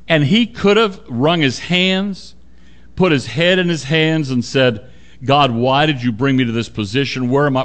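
Earnest male preacher delivering a sermon. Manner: earnest, emphatic, drops low and quiet for stress.

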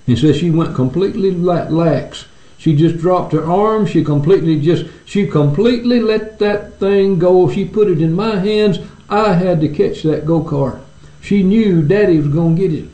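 A man's voice: sits high, moderate pace, warm tone, roomy sound, poor audio. A pastor preaching an earnest radio sermon, often stammering and restarting his words as he pleads with his listeners.

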